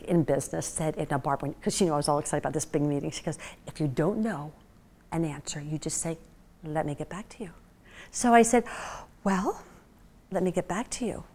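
Animated chatty woman telling a story. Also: lowish voice. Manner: animated storyteller who acts out the voices of people she quotes; chatty, with many fillers like "you know" and "like". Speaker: guest speaker. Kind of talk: storytelling talk to a class.

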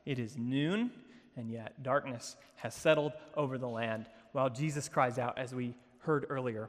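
A man preaches at campus worship in a slightly higher voice. He tells the story with playful asides and moves between hushed moments and emphatic peaks. The long reverb of a large hall trails after his words. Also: moderate pace. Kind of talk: sermon.

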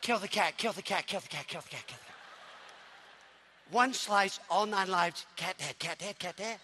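A man's voice: normal speed, sharp tone, slight background noise. A man doing a growling menacing little boy. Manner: low, growling, threatening. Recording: long reverb of a large hall.

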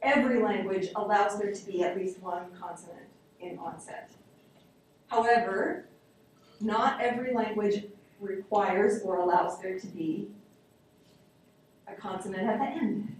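A woman with a mid-range voice teaches a linguistics class at a measured pace, pausing often as she explains ideas, answers student questions and repeats examples aloud. It was recorded from a distance in an echoey classroom, with a little hiss or hum.

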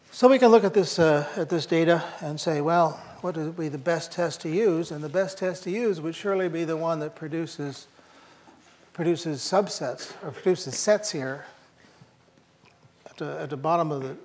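A man's voice: a little high, a little mellow. An older man giving a university lecture, thinking aloud with fillers and restarts and slipping in dry jokes.

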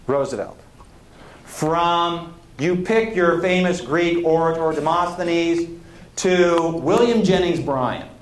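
A man giving a conversational history lecture, digressing now and then and putting questions to his audience. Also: fairly high pitch. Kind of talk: public lecture. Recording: roomy lecture hall.

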